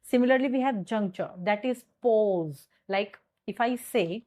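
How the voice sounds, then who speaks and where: Woman lecturer, Indian English accent, unhurried explainer. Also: mid-range voice, darkish tone. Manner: slow, explanatory, repeats points with "okay". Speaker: teacher. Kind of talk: online lecture.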